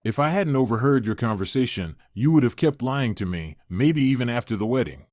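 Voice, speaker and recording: A betrayed young woman, as a man reads her, firm and cold in every word. Her pitch moves a lot, and the sound is dry and close. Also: animated, brisk, darkish tone, dry recording, close to an everyday voice.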